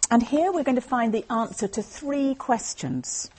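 A woman giving an earnest, measured Christian talk to a group, explaining Bible passages as she reads. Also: fairly high pitch, lively intonation, darkish tone, husky. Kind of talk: evangelistic talk with Bible reading.

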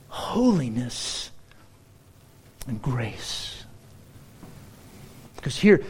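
High-voiced man preaching a lively sermon. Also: husky. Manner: animated, shifts between slow emphatic phrasing and quick asides. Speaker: pastor.

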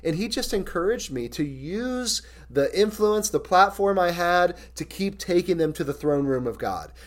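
A male pastor with a fairly high-pitched voice preaches a sermon in an earnest, candid, personal way. He reads scripture slowly and deliberately.

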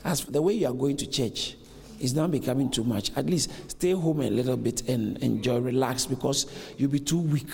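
A man's voice: mid-range voice, normal speed, gravelly, darkish tone. A man preaching a sermon as a pastor, acting out dialogue with animation. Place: church hall. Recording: long reverb in a large hall.

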